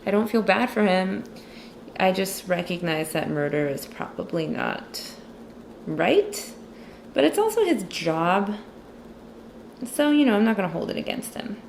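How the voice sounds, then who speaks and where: A woman's voice: mid-range voice, big pitch swings, a little slow, vocal fry, long pauses, a little hiss or hum. A young woman chatting casually and sarcastically about a movie while she draws, rambling with lots of fillers. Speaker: vlogger recapping a movie while drawing. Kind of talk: casual chat.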